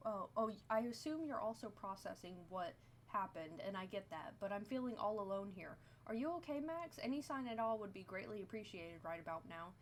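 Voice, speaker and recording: An anxious young friend, read by a woman, reaches out with worried texts at a middle pitch. There is a faint ambient hum behind. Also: animated, fairly quick, lightly acted.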